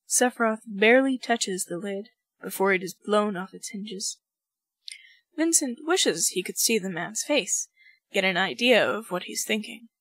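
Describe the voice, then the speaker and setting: A woman narrating a fan fiction story aloud in a measured, even way. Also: mid-range voice, no echo, rough recording. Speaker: podfic reader.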